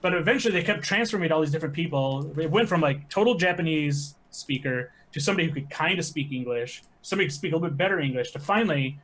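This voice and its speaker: Man, 40s, podcast guest, rapid animated storytelling, slightly high voice. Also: slight background noise. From American Midwest. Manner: animated anecdotal storytelling with quick asides. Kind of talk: casual podcast chat.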